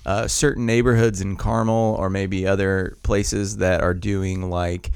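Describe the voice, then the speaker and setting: Brief: young male podcast co-host, lowish voice, dry close mic, jokey dad who mimics people. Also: flat delivery, unhurried, vocal fry, clean tone, no room sound. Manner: jokey, slips into high silly voices for his daughter. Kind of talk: casual chat.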